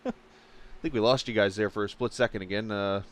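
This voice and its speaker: A man's voice: fairly low pitch, animated, moderate pace. A man calling a sim racing broadcast as play-by-play commentator, chatty and joking, with plenty of ums and uhs. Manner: chatty, filler-heavy, joking.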